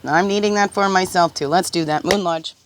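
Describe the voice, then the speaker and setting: A woman talks through a spiritual card reading in a casual, gentle way, often tagging her thoughts with a soft "right?". Her voice sits a little low. A faint hiss runs under the recording. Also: a little fast.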